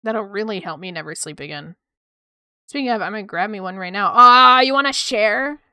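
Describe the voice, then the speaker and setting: A young woman chatting casually with her viewers while drawing on stream, excitable and quick to swear. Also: medium pitch, smooth, no echo, studio quality. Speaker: art streamer.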